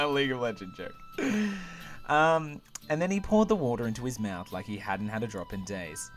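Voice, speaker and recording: A man with a bouncy, jokey manner reads a visual novel aloud as the show's host. His pitch leaps around freely, with faint music underneath. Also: big pitch swings, normal speed. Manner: bouncy, jokey, voices every character. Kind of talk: playful narration, reading aloud.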